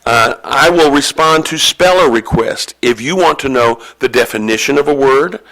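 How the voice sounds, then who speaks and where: A man's voice: medium pitch, moderate pace, sharp tone. Friendly male spelling bee pronouncer. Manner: friendly, joking, reassuring. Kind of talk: explaining rules to an audience. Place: school event hall.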